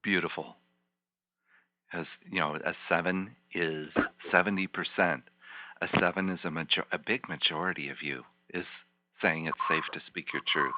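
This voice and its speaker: Deep-voiced man guiding a calm visualization. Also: normal speed, no echo. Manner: soft, repetitive, soothing coaching. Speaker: healing practitioner guiding a volunteer. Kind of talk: slow guided imagery session. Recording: dull lo-fi teleconference line.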